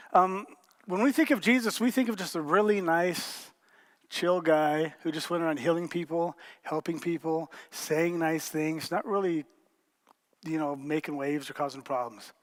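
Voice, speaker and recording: Joking pastor with a high voice. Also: male voice. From rural area. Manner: joking, conversational, polls the congregation. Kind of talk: sermon.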